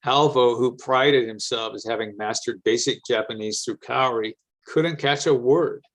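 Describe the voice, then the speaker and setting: A man reading a story aloud in a steady, matter-of-fact narrating style. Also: medium pitch, unhurried. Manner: even, matter-of-fact narration with casual slang in dialogue.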